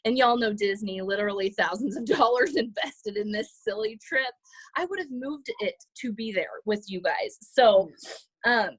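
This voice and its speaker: A woman's voice: a little high, animated, normal speed, breathy edge, no room sound, low-quality recording. Woman, near tears, runny nose, rambling praise, dry close sound. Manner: gushing, rambling with many fillers. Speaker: team member on a group call. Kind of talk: emotional tribute on a group call.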